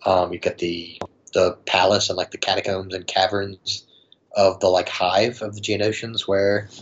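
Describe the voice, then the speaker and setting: A man with a low, breathy-edged voice and little pitch movement chats casually as a podcast guest at a moderate pace. He rambles and laughs often in a playful way, and the recording has a dull lo-fi sound.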